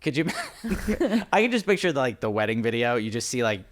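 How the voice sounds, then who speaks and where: A man with a New York accent, co-hosting a casual podcast about weddings, animated, swearing often and laughing. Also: medium pitch, moderate pace. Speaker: podcast co-host, wedding vendor. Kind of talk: casual chat.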